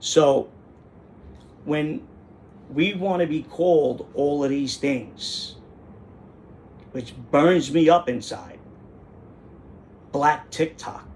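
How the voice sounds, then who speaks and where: A man's voice: on the high side, drawn-out words, pauses often, darkish tone, slight background noise. Indignant middle-aged man. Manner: indignant, rambling, repeats phrases for emphasis. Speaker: host. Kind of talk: casual monologue rant.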